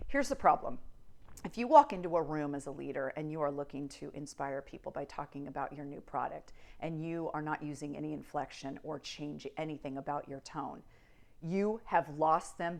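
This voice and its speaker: Expressive woman coaching on speaking. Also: low-pitched, brisk, creaky. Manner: expressive, demonstrates tones by switching delivery. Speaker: media coach. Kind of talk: presentation coaching monologue.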